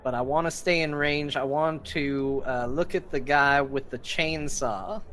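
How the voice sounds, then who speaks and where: A man who talks slowly sits at a tabletop game and works out his turn aloud. He pauses and hesitates with fillers as he plans each move. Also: medium pitch, steady tone, a bit bright. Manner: hesitant, with many fillers while planning moves. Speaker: player. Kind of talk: casual tabletop game play.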